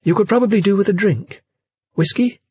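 A man voicing a fragile, hospitable middle-aged woman who talks in a gentle, welcoming way. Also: medium pitch, fairly quick, breathy edge, no echo, studio quality, voice pushed up. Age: 40s.

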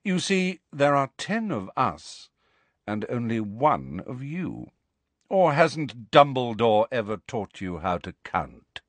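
A man's voice: medium pitch, big pitch swings, dry recording. A man doing a cold, drawling aristocrat. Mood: sneering. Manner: slow drawl, sneering.

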